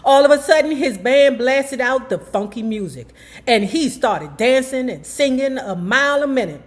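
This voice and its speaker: Lively woman reading a memoir aloud. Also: sits high, normal speed. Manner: animated, breaks off to talk to viewers.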